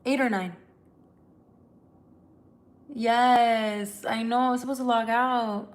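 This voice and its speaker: A woman's voice: on the high side, steady tone, slow. A tired woman who reads tarot, chatting candidly and emotionally with viewers on a livestream, swearing casually. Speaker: tarot reader.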